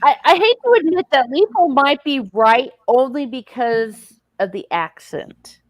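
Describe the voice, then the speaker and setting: A woman chatting on a stream who teases the others with pointed questions. Her voice is high, and the recording is dry and close. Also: expressive, a little slow, no echo. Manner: teasing, quizzing. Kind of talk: casual chat.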